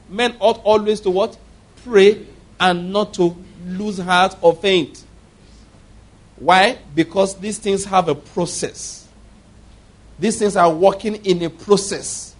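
A middle-aged man preaching a sermon with passion, asking the congregation rhetorical questions and breaking into laughter. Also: high voice. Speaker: pastor.

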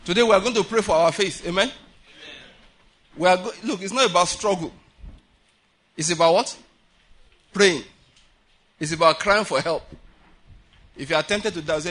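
This sermon comes from a man at a prayer meeting whose high, bright voice has a husky edge. He speaks at normal speed with long pauses, laughing often, lively throughout, and acting out quoted voices.

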